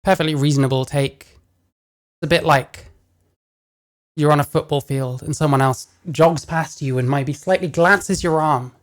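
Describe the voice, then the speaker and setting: A woman's voice: sits low, steady tone, moderate pace. A woman reacting to a video, blunt and sarcastic, often swearing. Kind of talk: casual reaction commentary.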